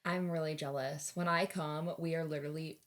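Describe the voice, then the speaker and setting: A woman's voice: sits low, steady tone, fairly quick. A woman hosting a podcast in casual chat with her sister, reacting with short interjections and talking about her own plans. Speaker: podcast host.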